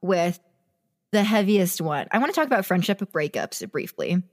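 A woman in her twenties co-hosting a podcast, chatting casually, talking fast and laughing often. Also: lowish voice, big pitch swings. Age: 20s. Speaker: podcast co-host. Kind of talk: casual chat.

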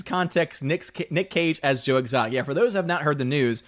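A man's voice: a little high, fairly bright tone. A man hosting a live stream, reading out viewer comments in a casual, joking way and laughing often.

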